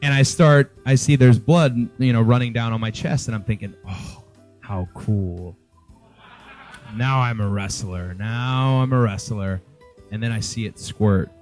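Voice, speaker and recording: A wrestler telling a funny anecdote in an interview, acting out the other people's lines as he goes. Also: lowish voice. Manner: lively storyteller who acts out the other people's lines. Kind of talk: casual anecdote.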